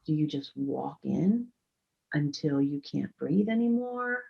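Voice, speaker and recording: A woman voicing a despairing grown man who talks quietly and haltingly. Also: sits low, expressive, vocal fry, husky, lo-fi sound, heavily acted.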